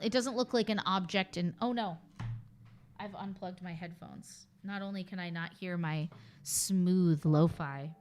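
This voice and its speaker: A woman streaming in casual, chatty commentary, thinking aloud with playful asides. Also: on the low side.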